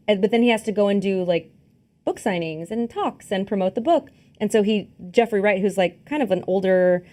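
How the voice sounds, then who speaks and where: A woman's voice: medium pitch, mellow. Woman, podcast co-host, casual film chat, rambling, fillers, laughs easily.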